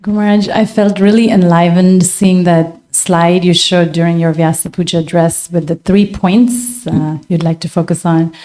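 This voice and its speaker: A woman's voice: fairly low pitch, fairly even intonation, normal speed, few pauses, dark tone. A woman in the audience asking a long, earnest question, rambling with many fillers.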